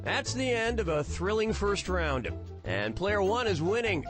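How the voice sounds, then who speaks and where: Brief: a sarcastic game show host, high and lively, with loud music behind. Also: male voice, measured pace. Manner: snarky, mock-enthusiastic quips. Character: wisecracking sarcastic male trivia game host. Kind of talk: scripted game dialogue.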